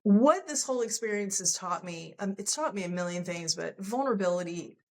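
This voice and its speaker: A woman's voice: medium pitch, animated, brisk, a little mellow, low-quality recording. Earnest woman telling a personal story. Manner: earnest, emotional, acts out quoted dialogue. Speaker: podcast guest.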